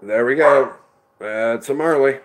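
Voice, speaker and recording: A man's voice: mid-range voice, a little slow, heavy background noise. A middle-aged man hosting a casual livestream, chatting rambly and answering viewers by name. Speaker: livestream host reading chat.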